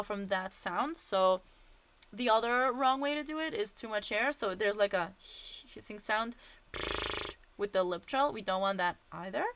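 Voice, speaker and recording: A woman's voice: medium pitch, a bit bright. A woman voice teacher explaining vocal exercises in a casual, demonstrative way with frequent fillers.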